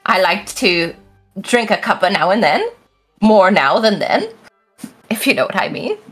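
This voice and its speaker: A woman's voice: mid-range voice, lively intonation, a little slow, a bit bright, breathy edge, faint music behind. A woman voicing a very old, elegant female hobgoblin witch who dotes on visitors. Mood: doting. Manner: sweet, doting, fond of tea.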